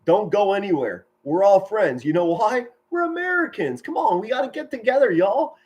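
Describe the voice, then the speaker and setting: A middle-aged man giving excited live football play-by-play from home, shouting big plays and chatting warmly with his viewers. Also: high-pitched, moderate pace. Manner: enthusiastic, yells touchdown calls, chatty and sentimental with viewers. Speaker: amateur play-by-play commentator streaming live.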